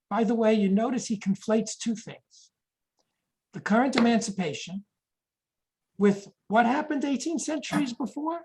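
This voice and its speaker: A woman's voice: on the high side, moderate pace, warm tone, poor audio. Woman lecturing on history. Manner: explanatory, reads quotations aloud, self-correcting.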